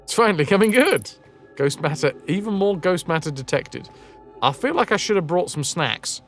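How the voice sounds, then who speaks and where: An excitable young man comments on his game for a live chat, swearing and joking as he plays. His pitch sits a little high and swings widely. Faint music plays under his voice. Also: moderate pace. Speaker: streamer.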